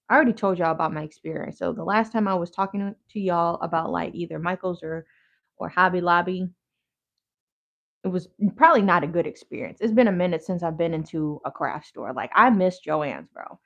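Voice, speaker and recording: Woman host, gravelly creaky voice, slangy rambling livestream chatter, dull lo-fi sound. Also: fairly low pitch, fairly quick. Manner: slangy, rambling, talks back to chat. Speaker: yoga therapist and crafter, livestream host. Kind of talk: casual livestream chat while crafting.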